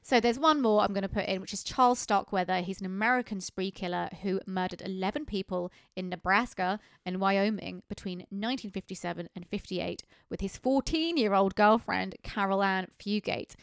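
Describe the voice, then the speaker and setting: A woman who co-hosts a podcast and tells true crime stories in a brisk, chatty way, with casual asides. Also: medium pitch, vocal fry, clean tone, no room sound, studio quality. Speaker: podcast co-host.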